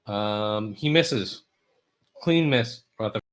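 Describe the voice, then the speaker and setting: A man runs a tabletop role-playing game as game master. He narrates in a loose, halting way, stopping for ums and restarts. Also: on the low side, expressive. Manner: halting, filler-heavy, casual.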